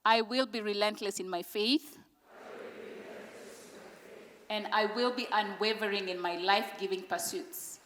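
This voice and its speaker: A woman's voice: medium pitch, steady tone, moderate pace, a bit bright, slight background noise. A woman giving a motivational speech at a conference, speaking in short emphatic declarations and leading the audience in repeated affirmations. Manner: leads the audience in call-and-response. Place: large conference hall. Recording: long hall reverb.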